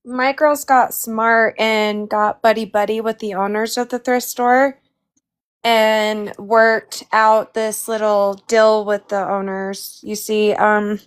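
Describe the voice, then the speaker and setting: A woman guest in casual chat, the mother of a missing teen, who talks in a relaxed, chatty way and laughs often. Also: mid-range voice, slow pace, smooth.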